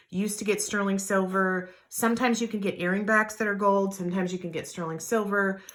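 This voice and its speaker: A woman's voice: medium pitch, fairly even intonation, fairly quick, hardly any pauses, a bit bright. A middle-aged woman, chatting candidly through a jewelry unboxing vlog with lots of fillers and asides. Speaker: jewelry reseller vlogger.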